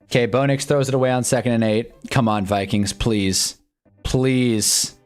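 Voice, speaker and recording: A man's voice: mid-range voice, unhurried, clear, resonant tone. Young male streamer, casual game-day chat, jumpy reactions, faint music underneath. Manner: excitable, swings from mumbling to shouting at plays. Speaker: live stream host. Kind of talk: casual live sports watch-along chat.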